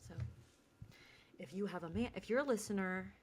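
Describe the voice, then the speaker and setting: A woman's voice: medium pitch, normal speed, slight background noise. A woman co-hosting a podcast, chatting casually and giggling as she recaps a TV episode. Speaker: podcast co-host. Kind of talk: casual chat recapping a TV show.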